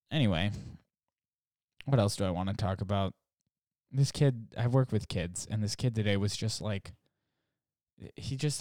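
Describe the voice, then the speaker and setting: A man's voice: lowish voice, clean tone, dry recording, clean studio sound. A young adult man telling comic stories in a rambling, casual way, full of "like" and swearing, acting out what other people said. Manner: rambling, full of "like", profane, acts out others' lines.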